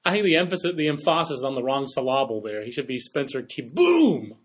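A man co-hosting a baseball podcast, talking in a quick, chatty way with joking asides. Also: medium pitch, animated, a bit bright. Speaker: podcast co-host. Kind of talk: casual sports talk.

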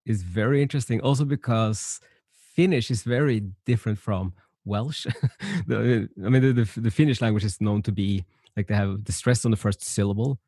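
A man's voice: lowish voice, brisk, dark tone, breathy edge, no echo, studio quality. A man hosting a podcast interview who talks hesitantly, with many fillers and restarts. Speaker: podcast host. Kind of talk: casual interview conversation.

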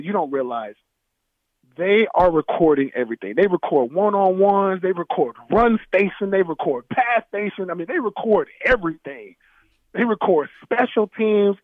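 A man, a former football player, telling stories from his playing days in a casual, animated chat, laughing and acting out his coach. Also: on the high side, no room sound. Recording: dry, tinny phone-like sound.

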